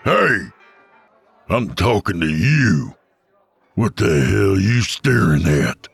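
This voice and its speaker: A man voicing a menacing gunslinger killer with a gravelly voice. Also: very deep voice, animated, slow pace, fairly bright tone, no echo, faint music behind, full character voice. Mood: snarling. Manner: threatening, snarling.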